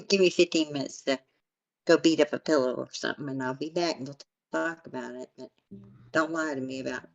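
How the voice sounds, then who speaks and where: Low-voiced grandmother, blunt storyteller. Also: brisk, gravelly. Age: older. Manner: blunt, repeats herself for emphasis. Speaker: stream host. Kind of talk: casual chat storytelling.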